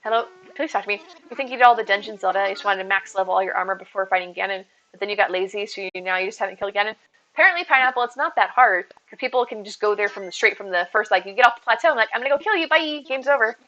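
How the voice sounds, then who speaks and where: A woman's voice: medium pitch, rapid-fire, pushed and bright. A woman live streamer chatting casually and rambling as she answers her chat, with faint music behind her. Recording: slightly dull stream audio with faint music.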